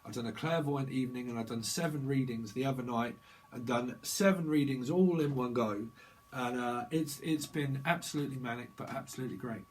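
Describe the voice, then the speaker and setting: Man, middle-aged, tarot reader, rambling, chatty and associative, ordinary pitch. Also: fairly quick, slight background noise, low-quality recording. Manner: rambling, free-associating, drifts into playful voices. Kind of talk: casual tarot reading monologue.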